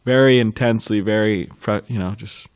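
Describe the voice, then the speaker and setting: Man, low voice, devotional class talk, chuckles a lot, halting, restarts. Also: clean tone, no echo. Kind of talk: reminiscing in a scripture class.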